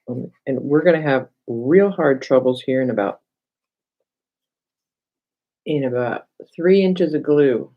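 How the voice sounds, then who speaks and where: On a lo-fi recording, a middle-aged woman with a very deep voice speaks slowly and pauses often. Seated at her home craft table for a casual livestream, she addresses viewers by name, thinks aloud and talks to herself while working.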